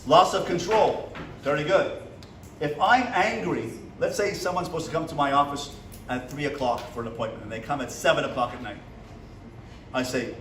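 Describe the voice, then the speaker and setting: In an echoey seminary classroom recorded from a distance, with a little hiss or hum, a rabbi delivers a motivational lecture. His voice is on the high side, expressive and a bit bright at a moderate pace, and he asks the class questions and acts out little dialogues.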